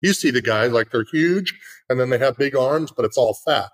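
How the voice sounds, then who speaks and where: A man's voice: mid-range voice, expressive, moderate pace, low-quality recording. A middle-aged man in casual conversation, telling an earnest story with lots of fillers.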